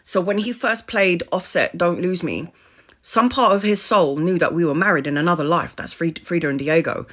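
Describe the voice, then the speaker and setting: A woman's voice: on the low side, moderate pace, a bit bright. A middle-aged woman telling a personal story to her viewers in a candid, chatty way, laughing often and swearing freely. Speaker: spiritual content creator.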